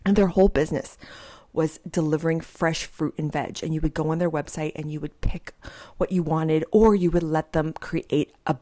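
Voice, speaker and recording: A middle-aged woman, a vlogger, chatting casually from home in a giggly, animated way. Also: sits low, moderate pace. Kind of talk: casual commentary vlog.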